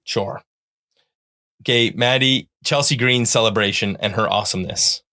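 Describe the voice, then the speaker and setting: A man's voice: lowish voice, moderate pace, sharp tone. A middle-aged man from Canada hosting a casual podcast, rambling through show plugs and teasing his guest. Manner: rambling plugs, playful sound-effect buzzers. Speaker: podcast host.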